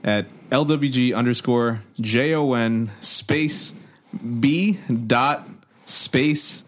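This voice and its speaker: A young man co-hosts a podcast in a medium-pitched voice with drawn-out words, joking and teasing in casual chat as he retells a comedy bit complete with impressions.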